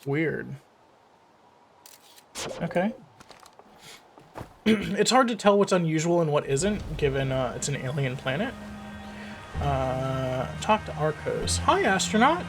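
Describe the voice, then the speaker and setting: A man's voice: fairly high pitch, takes it slowly, long pauses, soft background music. A man thinking aloud as he plays a game, musing and asking himself questions between fillers. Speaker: let's play host. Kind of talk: casual gameplay commentary.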